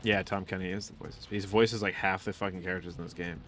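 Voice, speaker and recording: A man's voice: deep voice, fairly even intonation, fast talker, fairly bright tone, soft background music. A man chatting casually and profanely while streaming a video game, rambling through stories and laughing often. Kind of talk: casual live-stream chat while playing.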